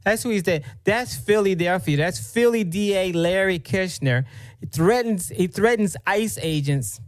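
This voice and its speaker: A man's voice: high-pitched, measured pace, dry recording. Indignant man ranting over a clip. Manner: indignant, repetitive, rambling. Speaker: host, political commentator. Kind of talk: reaction commentary.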